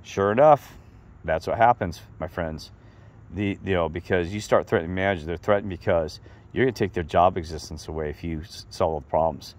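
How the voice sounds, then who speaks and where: A middle-aged man telling a rambling, animated story in a casual monologue to his viewers. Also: low-pitched, brisk. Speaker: vlogger.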